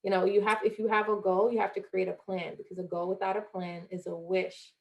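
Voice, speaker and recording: A woman's voice: medium pitch, flat delivery, a little fast, darkish tone, muffled recording. A young woman from Jamaica, a former college athlete, speaking earnestly as a podcast guest and acting out the voices she quotes. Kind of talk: motivational interview talk.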